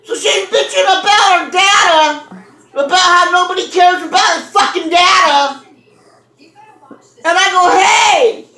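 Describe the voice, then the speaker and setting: A very high-pitched, bright-voiced woman tells a story at full volume, cursing and laughing through it. The room around her is echoey. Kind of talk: loud profane storytelling. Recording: roomy echo.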